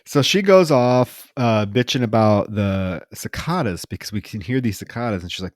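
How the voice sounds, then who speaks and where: A man's voice: on the low side, lively intonation, moderate pace, few pauses, no echo, clean studio sound. A man co-hosting a podcast, recapping a film in casual, profane, wry storytelling and acting out its characters' lines. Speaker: podcast co-host. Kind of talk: casual movie recap chat.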